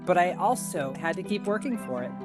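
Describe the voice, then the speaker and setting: A woman in a documentary interview looks back on a cherished friendship. Her voice is low and heartfelt. Music plays underneath her words. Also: expressive, fairly quick. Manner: heartfelt, reflective.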